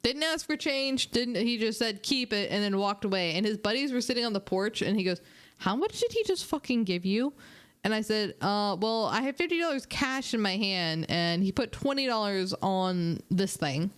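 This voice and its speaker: A young woman streamer casually telling animated, chatty stories to her viewers, laughing and swearing along the way. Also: medium pitch, moderate pace, hardly any pauses, clean tone. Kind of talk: casual storytelling.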